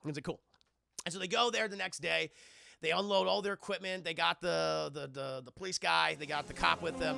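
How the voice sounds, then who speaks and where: A man streaming a casual, profane film recap, rambling and acting out scenes in quick voices. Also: on the high side, gravelly, bright, forceful tone, faint music behind.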